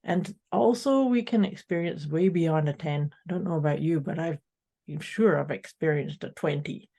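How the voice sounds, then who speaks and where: A woman's voice: low voice, moderate pace, vocal fry, mellow. A woman co-hosting a podcast in an upbeat, casual way, speaking directly to her listeners. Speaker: podcast co-host. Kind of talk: casual motivational chat.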